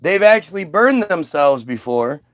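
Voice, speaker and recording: A man's voice: on the high side, big pitch swings, measured pace, a bit bright, dry recording. A man ranting in casual commentary, sarcastic and profane, mocking people as he reacts to clips.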